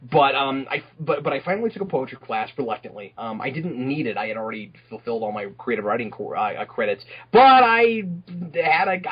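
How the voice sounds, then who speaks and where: A young man chatting casually on a podcast, halting with many fillers and restarts. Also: mid-range voice, husky, lo-fi sound. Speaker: podcast guest.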